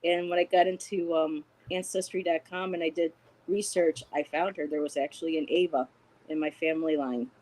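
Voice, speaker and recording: A woman talking as a guest on a spiritual chat stream, gentle and encouraging, with many pauses and fillers. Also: deep voice, fairly even intonation, low-quality recording. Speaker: guest intuitive reader.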